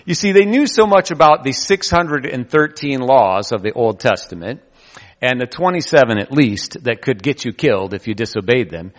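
Animated male pastor preaching in a hall. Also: mid-range voice, moderate pace. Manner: animated storytelling with quoted voices. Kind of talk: sermon.

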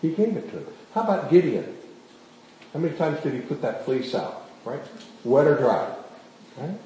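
A man's voice: on the high side, moderate pace. A man preaching a sermon as pastor, often putting questions to the congregation as he tells the stories. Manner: questions the congregation, animated storytelling. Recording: very echoey room, faint background noise.

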